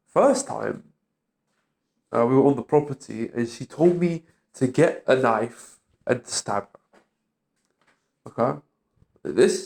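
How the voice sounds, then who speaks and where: A man's voice: medium pitch, gravelly. A man talking bitterly in an agitated, profane vlog rant. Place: London street.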